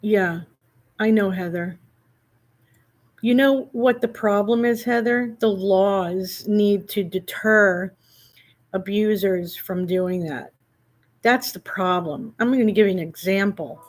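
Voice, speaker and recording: A woman hosting a casual talk show, telling an animated, indignant story and quoting back and forth what was said. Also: mid-range voice, slow. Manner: animated storytelling, indignant, quotes others in conversation.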